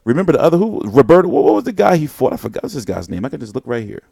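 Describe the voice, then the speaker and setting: A man's voice: mid-range voice, very animated, racing, gravelly, warm tone, husky, no echo, studio quality. A man hosting a live boxing talk stream, speaking in a blunt, profane and rambling street manner. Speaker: boxing channel host. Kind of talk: casual live boxing commentary.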